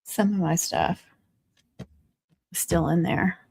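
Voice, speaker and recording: A woman's voice: on the low side, takes it slowly, creaky, a little mellow, husky, no room sound, studio quality. A woman hosting a crafting livestream, chatting casually and teasing her viewers with frequent laughs. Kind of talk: casual live-stream chat.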